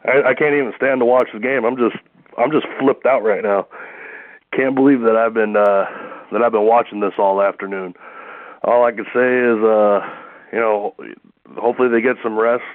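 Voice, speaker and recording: A man's voice: mid-range voice, steady tone, moderate pace. Dejected male caller on a tinny line. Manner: dejected, casual, profane. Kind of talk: voicemail message.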